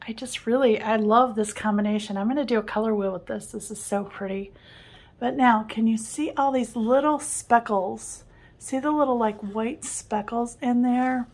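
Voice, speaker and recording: A woman teaching watercolor painting in a casual studio tutorial, enthusiastic and smiling as she talks, with soft laughs now and then. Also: on the high side. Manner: warm, enthusiastic, often laughing softly. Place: home art studio.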